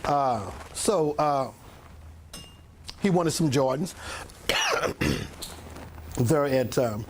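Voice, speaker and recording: An older man preaches from the front of a meeting room, drifting into a long, animated story. His pitch rises and dips all over, and he pauses to cough and clear his throat. Faint noise sits under the room sound. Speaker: pastor. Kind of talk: storytelling sermon. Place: church meeting room with a congregation.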